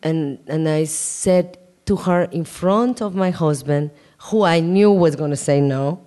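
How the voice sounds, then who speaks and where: Animated woman telling a story. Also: deep voice, measured pace. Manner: animated, laughing, acts out quoted dialogue. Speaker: guest answering questions. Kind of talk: casual storytelling and Q&A.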